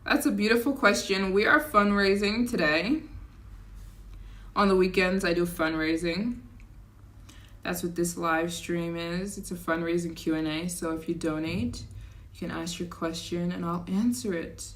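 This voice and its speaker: A woman chats loosely on her travel livestream, reading out donations and answering viewers. Her voice sits a little on the low side, and she talks in an easy, rambling way. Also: a little slow, fairly bright tone. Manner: chatty, reads donations aloud, rambling asides; slips into a put-on accent at times. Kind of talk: casual livestream chat.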